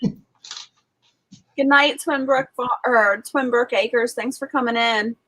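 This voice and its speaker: A woman's voice: on the high side, steady tone, slow, a bit bright. A woman hosting a livestream, greeting viewers and laughing often in casual chat over a video call. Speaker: livestream host.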